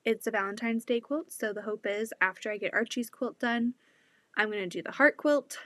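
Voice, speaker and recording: A woman's voice: on the high side, normal speed, no room sound. Chatty breathless woman quilter. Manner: chatty, excitable, laughs often. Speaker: quilting channel host. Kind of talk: casual livestream chat. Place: home basement sewing room. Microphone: laptop.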